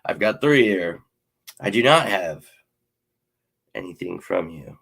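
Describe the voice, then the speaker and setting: A man in his thirties hosts a live fan Q&A from his home office, chatting in a loose, rambling way. His voice is bright and edgy. He swears offhandedly and keeps calling viewers "man" and "dude.". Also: low voice, sing-song, takes it slowly, creaky, slightly rough. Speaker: sports show host. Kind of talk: casual live Q&A chat.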